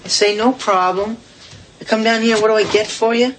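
An actor playing a young man, the teenage son, joking and animated in a sitcom. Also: sits high, a little fast, a little hiss or hum. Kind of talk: sitcom acting. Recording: sitcom audio with studio audience laughter.

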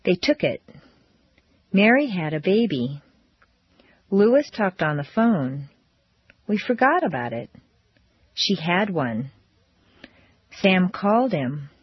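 Slow, husky woman with lively intonation. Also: on the low side, no echo. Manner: slow, deliberate, exaggerated intonation. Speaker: pronunciation teacher. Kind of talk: recorded pronunciation drills. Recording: dull dry lo-fi recording.

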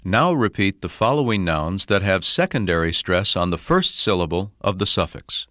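A man giving scripted instructions in a pronunciation lesson, slow and carefully enunciated. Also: low voice, very animated, a bit bright, no echo, clean studio sound.

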